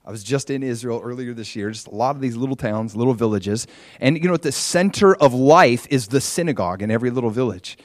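A middle-aged man preaching a sermon, retelling a scripture story in a conversational way and acting out the quoted voices with lively shifts. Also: mid-range voice, fast, no echo, clean studio sound. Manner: animated, acts out quoted voices, conversational asides.

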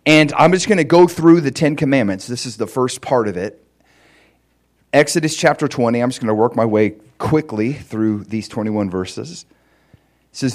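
A man's voice: medium pitch, lively intonation, normal speed. An American man preaching a casual teaching sermon, talking loosely with lots of "like" and "you know" and checking that his listeners follow. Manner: conversational, many fillers like "like" and "you know"; checks in with listeners by asking if it makes sense. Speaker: pastor.

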